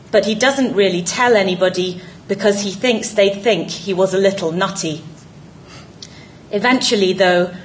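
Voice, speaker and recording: Female narrator, unhurried reflective read, mid-pitched voice. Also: a little hiss or hum, poor audio. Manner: measured, reflective reading. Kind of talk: scripted essay narration.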